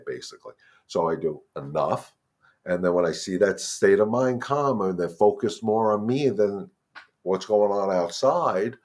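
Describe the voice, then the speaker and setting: A man hosting a live question-and-answer stream as a dog trainer, giving casual advice in a calm, steady way and repeating his key points. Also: sits low, brisk. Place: home with a terrace.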